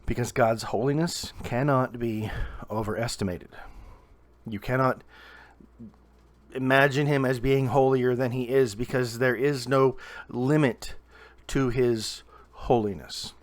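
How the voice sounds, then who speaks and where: A young man from Southern Ohio giving a short video sermon to camera, earnest and emphatic, slowing down and pausing to stress key words. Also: mid-range voice, steady tone, no room sound. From Southern Ohio, USA. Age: young adult. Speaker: preacher.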